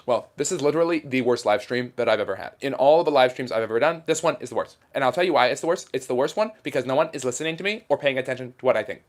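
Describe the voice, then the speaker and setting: A man's voice: mid-range voice, lively intonation, racing, few pauses, natural voice. A man putting on the voice of a combative male debate commentator who lectures in a clipped manner. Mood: lecturing.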